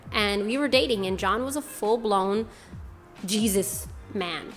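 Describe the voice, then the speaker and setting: A young woman from Boston hosts her own channel and shares a personal testimony in loose, chatty talk. She rambles and drops "like" into almost every sentence. Her voice sits at a middling pitch, with soft music faint in the background. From Boston, USA. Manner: casual, rambling, many fillers like "like". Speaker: channel host.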